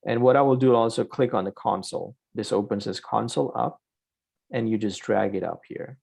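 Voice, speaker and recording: A man's voice: on the low side, brisk, creaky, darkish tone, slightly rough. A man teaching an online programming class, explaining step by step and checking in with "right?" after each point. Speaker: programming instructor. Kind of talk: live online coding lesson.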